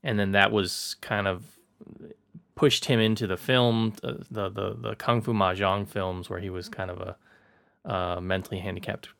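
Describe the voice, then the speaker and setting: A man hosting a podcast, speaking in a relaxed way with hesitant fillers. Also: fairly low pitch, a little slow, gravelly, no room sound. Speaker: podcast host. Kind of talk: casual podcast chat.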